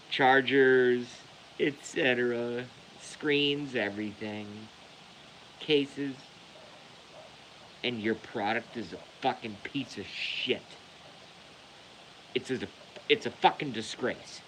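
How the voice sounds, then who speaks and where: Man, angry vlog rant, swearing, slow deliberate delivery. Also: medium pitch, animated, fairly bright tone, a little hiss or hum, poor audio. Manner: profane, heated, repetitive. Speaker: vlogger.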